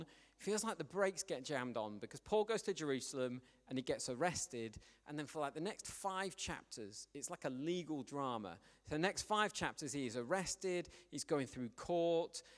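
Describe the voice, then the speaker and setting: A man gives a sermon, telling stories in a chatty, lively way. His voice sits a little higher than most men's. The church's long reverb trails after each phrase. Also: normal speed. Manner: conversational, animated storytelling. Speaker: preacher.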